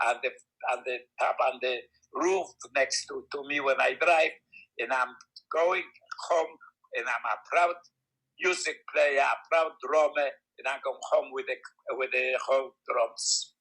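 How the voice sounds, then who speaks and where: Gravelly old man telling a story. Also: medium pitch, a little slow, low-quality recording. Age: 90s. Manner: animated, acts out quoted voices; non-native English grammar. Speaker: guest storyteller. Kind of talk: casual spoken storytelling.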